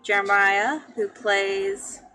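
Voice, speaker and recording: A woman runs a tabletop game as game master. She talks slowly and in an unhurried, reassuring way, and her voice has a bright, clear edge. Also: medium pitch, little pitch movement, slight background noise, poor audio. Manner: unhurried, reassuring, repeats "it's fine". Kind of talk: casual tabletop game banter.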